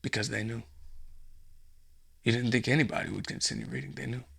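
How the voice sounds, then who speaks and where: A man's voice: medium pitch, steady tone, fairly quick, vocal fry, a bit bright, slightly rough. A man hosting a podcast, delivering a profane, sarcastic, rambling comedic monologue. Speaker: podcast host.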